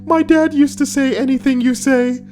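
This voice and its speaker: A man putting on the voice of an easily offended whiny man, in a shrill mocking whine. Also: steady tone, normal speed, darkish tone.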